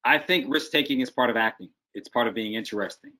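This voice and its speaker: A man's voice: medium pitch, quick pace, sharp tone. A man working as a casting director, giving direct, emphatic advice in a video-call interview.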